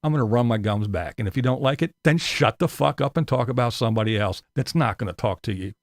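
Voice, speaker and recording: A man's voice: fast, no echo, clean studio sound. A man ranting angrily to his viewers, swearing a lot and mocking his critics. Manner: profane ranting with mocking high-pitched impressions. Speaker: YouTuber. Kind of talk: angry ranting vlog.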